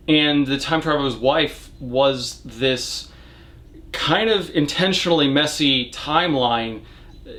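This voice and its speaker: A young man with a fairly high voice reads out viewer questions one by one. He answers them in a relaxed, dry and wry way, like a reviewer chatting with his audience. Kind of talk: casual Q&A monologue.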